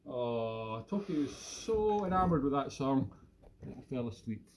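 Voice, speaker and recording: A man's voice: medium pitch, big pitch swings, a little slow, faint music behind. A man with a Scottish accent hosting a live stream from home, chatting in a jokey, rambling, self-mocking way into a phone. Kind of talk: casual live-stream chat. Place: at home during lockdown. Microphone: phone camera.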